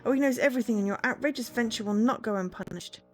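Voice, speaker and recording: A woman voicing an indignant young noblewoman, reading her lines aloud in a shrill, accusing way. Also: fast talker, natural voice. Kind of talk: reading a visual novel aloud on stream.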